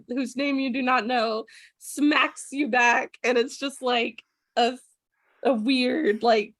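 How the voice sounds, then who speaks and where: A woman's voice: on the high side, a bit bright, dry recording. A woman narrating as game master of a tabletop game, giggly and rambling, with many fillers.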